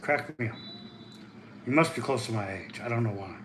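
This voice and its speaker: A man hosting a livestream, chatting casually, excitable and rambling, hopping from topic to topic and reading out viewer comments. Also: medium pitch, normal speed, slight background noise. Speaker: channel host reading live chat.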